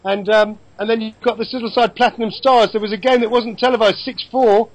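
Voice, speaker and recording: A man in his fifties from England, chatting about football over a video call, opinionated and quick with asides. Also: high-pitched, fairly even intonation, no echo, poor audio. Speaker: football commentator guest.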